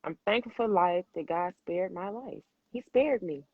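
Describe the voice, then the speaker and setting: A woman's voice: fairly low pitch, normal speed, husky, dry recording, narrow, tinny audio. A woman hosting a podcast, talking candidly and emphatically, swearing freely and calling the listener baby. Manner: addresses listener as baby and boo. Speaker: podcast host.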